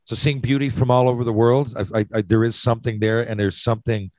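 A man's voice: mid-range voice, level tone, fast talker, darkish tone, dry recording, low-quality recording. A man hosting a casual chat, posing hypothetical questions with lots of restarts and swearing. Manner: rambling, restarts, profane. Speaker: podcast host.

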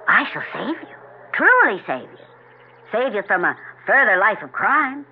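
An actor playing a stern, unseen judge of souls who speaks in a grave, measured way, in 1940s radio acting. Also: male voice, sits high, very animated, breathy edge, heavily acted. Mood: ominous. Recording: tinny old radio broadcast.

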